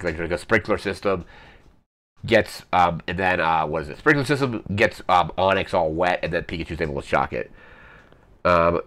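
A man's voice: low voice, a bit bright. A man hosting a retro show, recapping episodes in a casual, rambling way with many ums and self-corrections. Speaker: podcast host.

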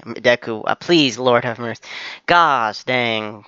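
A man hosting an anime reaction video, talking back to the screen in excited bursts and urging the characters on. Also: mid-range voice, slow, clear, resonant tone, dry recording, muffled recording. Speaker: anime reaction channel host. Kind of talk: live reaction commentary.

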